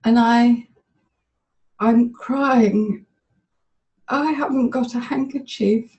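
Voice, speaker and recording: A woman with a somewhat high, mellow voice, speaking tearfully and very slowly over a webinar call. She is a volunteer in a therapy demonstration, reliving a memory in the present tense. Her phrasing is halting and stop-start, with frequent pauses. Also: steady tone, dull audio. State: tearful, emotional. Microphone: webinar call audio.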